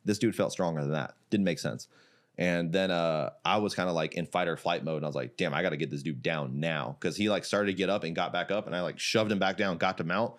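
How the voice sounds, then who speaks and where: Deep-voiced man telling a wild story. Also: quick pace. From Iraq. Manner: animated storyteller, laughing often, heavy use of "like". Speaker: podcast guest, jiu-jitsu gym founder. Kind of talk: casual storytelling chat.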